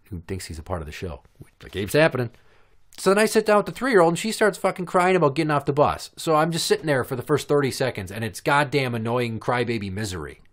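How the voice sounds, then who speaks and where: A podcast host in his thirties tells stories in casual, sarcastic chat full of profanity, putting on a high voice to imitate kids.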